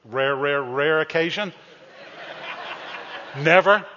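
Bright-voiced male pastor in an echoey hall. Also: a little high, normal speed, slight background noise. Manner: playful, teasing, addresses the congregation directly. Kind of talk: humorous sermon. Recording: dull, echoey church sanctuary recording.

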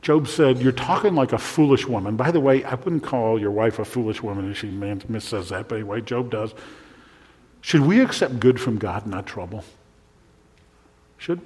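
A male pastor preaching a sermon, asking the listeners questions and swinging between urgent emphasis and a hushed, near-whispered voice. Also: medium pitch, moderate pace. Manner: preaching with rhetorical questions and sudden drops to a hushed voice. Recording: long reverb of a large hall.

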